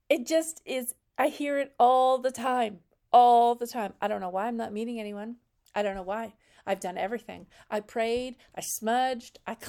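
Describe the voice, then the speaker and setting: A woman's voice: medium pitch, darkish tone. Blunt, candid woman coaching. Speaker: relationship coach. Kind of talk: direct coaching monologue.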